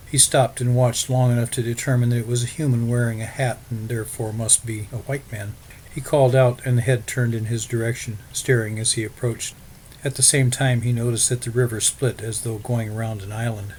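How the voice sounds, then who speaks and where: Steady male audiobook narrator. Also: medium pitch, slight background noise, rough recording. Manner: steady, measured storytelling.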